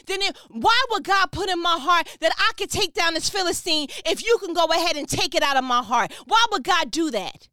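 A woman's voice: extremely high pitch, animated, moderate pace, few pauses, pushed and bright, no room sound. A woman preaching with fervent, emphatic energy, dropping slang and firing repeated questions, speaking over a phone. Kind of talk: motivational preaching.

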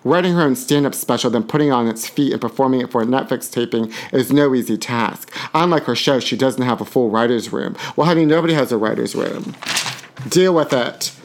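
A man's voice: mid-range voice, fairly quick. A man hosting a podcast, reading celebrity gossip aloud with sassy asides. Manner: reads tabloid items aloud with sassy asides and giggles. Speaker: podcast host. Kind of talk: campy gossip commentary.

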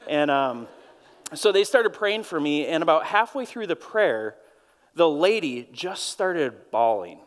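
Preaching in a church auditorium, a Minnesotan pastor speaks in a fairly high, sing-song voice without hurrying. His sermon is earnest and full of stories, with words frequently repeated, and the large hall adds a long reverb.

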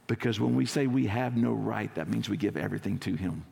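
A man, a lead pastor, preaching a conversational sermon in a church, acting out scenes and slowing down for emphasis. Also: fairly low pitch, creaky, a little mellow, long reverb tail.

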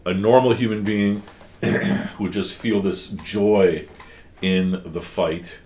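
A man's voice: sits low, steady tone, slow, a little mellow. A man teaching a one-on-one class, explaining patiently and asking guiding questions.

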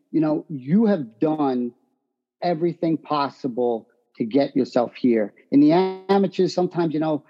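A brash boxer tells his fight stories with lively energy. His voice sits a little high for a man. The audio is muffled and lo-fi. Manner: brash, animated storytelling. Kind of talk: interview answers.

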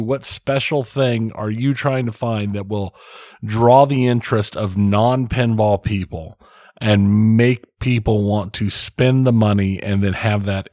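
A man's voice: on the low side, a little mellow, dry recording, studio quality. Skeptical male podcast co-host. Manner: skeptical, questioning. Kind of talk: casual podcast chat.

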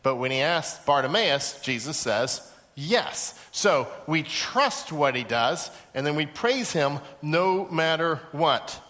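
A man's voice: a little high, slow, few pauses. A male pastor preaching a sermon in a large auditorium, telling stories and acting out the voices in them. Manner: lively storytelling, acts out quoted voices. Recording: echoey hall.

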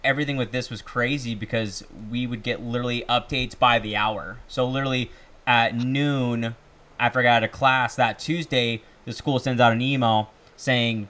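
A man's voice: medium pitch, steady tone, sharp tone. A man in his twenties, a student and bartender, chatting casually as a podcast guest and telling stories with lots of "like" and "literally". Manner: chatty, fast storytelling with "like" and "literally".

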